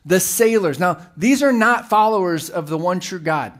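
A middle-aged man preaching a sermon as pastor, telling the story with animated, acted-out voices. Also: sits high, normal speed.

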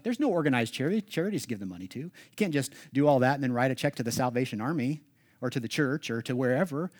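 A man preaching a sermon as pastor, conversational with humorous asides, dropping to hushed passages and rising to loud emphatic ones. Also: medium pitch, animated, fast talker.

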